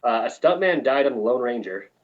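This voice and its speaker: A man's voice: medium pitch, animated, a little fast, lo-fi sound. A man from New Mexico who works on film crews, telling profane, rambling anecdotes in a casual interview. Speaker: film crew lighting technician, guest.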